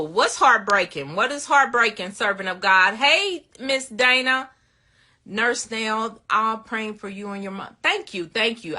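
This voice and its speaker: A woman's voice: mid-range voice, pushed and bright. A woman hosting a casual livestream, greeting viewers by name and laughing often as she answers their questions. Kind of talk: casual live chat.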